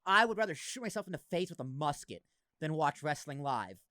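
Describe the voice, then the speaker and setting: A man's voice: on the high side, big pitch swings, fairly quick, sharp tone, no room sound. A man in his thirties hosting a podcast, chatting casually and animatedly, with lots of fillers and some swearing. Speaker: podcast host. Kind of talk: casual chat.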